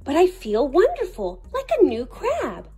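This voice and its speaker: A woman's voice: sits high, wildly swooping pitch, a little slow, warm tone, exaggerated voice. A woman voicing a small, curious young male crab in a storybook read-aloud, eager and wondering.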